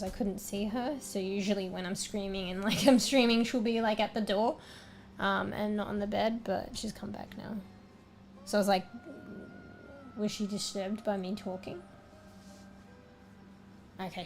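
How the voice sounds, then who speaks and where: A young Australian woman chats on a livestream from a small room at home, rambling loosely through filler words. Her voice sits at an ordinary pitch and sounds slightly worn, as though she is losing it. Faint music plays in the background. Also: fairly even intonation, unhurried, pauses often. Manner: rambling, filler-heavy, chatty. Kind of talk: casual chat with stream viewers.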